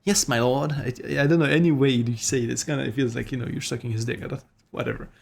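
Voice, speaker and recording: A man's voice: medium pitch, fast talker, gravelly, husky. A man streaming a game, chatting casually in a rambling, profane, self-mocking way. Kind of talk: casual gaming commentary. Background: game music.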